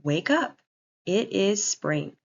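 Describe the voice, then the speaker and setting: Teacher reading a cheerful frog for a storybook read-aloud, eager, upbeat, slowish, muffled sound. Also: female voice, medium pitch, creaky, exaggerated voice. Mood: excited. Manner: excited, urging. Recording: muffled lo-fi recording.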